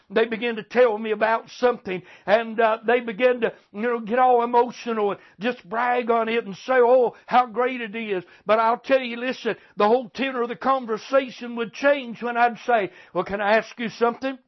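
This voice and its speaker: A man preaching a sermon, fervent and repetitive, calling out "listen, friend.". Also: very high voice. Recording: dull lo-fi recording.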